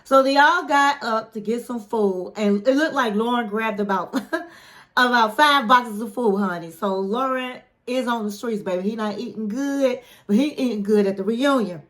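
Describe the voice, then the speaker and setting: A woman with a fairly high voice hosts her own online channel, recapping a reality show in a loose, chatty way. She talks with a playful, animated delivery and stretches out her flourishes. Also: moderate pace. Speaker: YouTube host reviewing a reality show.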